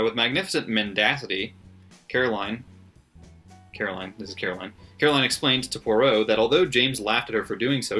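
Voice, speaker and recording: A husky, sharp voice of fairly low pitch belongs to a book vlogger reading his margin notes aloud in a relaxed way. Faint background music plays while he laughs frequently and swears freely.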